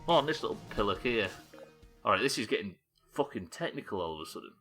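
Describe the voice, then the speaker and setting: A man's voice: fairly low pitch, sing-song, fast talker, bright, forceful tone, faint music behind. A man streaming a game live, thinking aloud, puzzled and swearing as he works out a problem. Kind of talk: live gameplay commentary.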